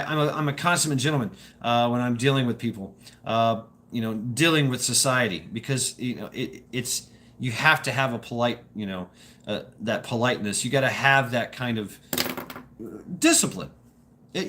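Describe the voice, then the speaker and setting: A man's voice: mid-range voice, fairly bright tone. Stammering, swearing man telling a story. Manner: stammering, repeats words, profane, laughs often. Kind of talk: rambling casual monologue.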